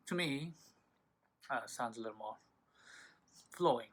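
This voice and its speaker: Loud music sits behind a man's unhurried, animated, mid-range voice as he teaches a violin lesson. He's patient and informal, with frequent fillers and self-corrections, and violin playing comes between his phrases in this instructional tutorial.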